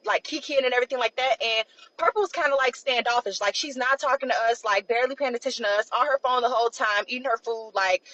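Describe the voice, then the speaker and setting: A young woman casually telling a personal story, loose and chatty, full of "like" and quick asides. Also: a little high, a bit bright, dry recording, muffled recording. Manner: chatty, loose, peppered with "like" and "blah, blah".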